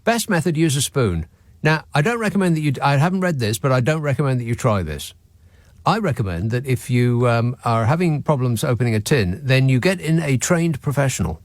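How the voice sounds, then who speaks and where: A man's voice: mid-range voice, animated, a little fast, no room sound. A man hosting a radio phone-in, talking with callers and making sarcastic, exasperated asides. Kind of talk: late-night talk radio chat. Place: radio studio. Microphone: studio microphone.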